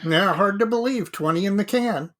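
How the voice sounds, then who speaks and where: A man's voice: high-pitched, moderate pace, a bit bright. A man co-hosting a casual hobby podcast, chatting in an easygoing, self-deprecating way. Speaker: podcast co-host.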